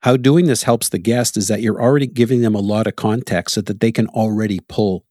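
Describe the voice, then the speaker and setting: A Canadian man with a husky, fairly low voice chats casually as a podcast host. He talks animatedly, tells anecdotes and breaks into laughter often. The sound is dry and close, with no room echo. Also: steady tone, fairly quick, mellow. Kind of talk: casual conversation.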